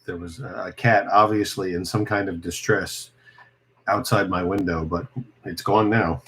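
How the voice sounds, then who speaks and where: A man with a very low voice runs a casual amateur radio net. He talks in a relaxed, chatty way and laughs easily. A faint hiss of noise sits under his voice. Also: normal speed.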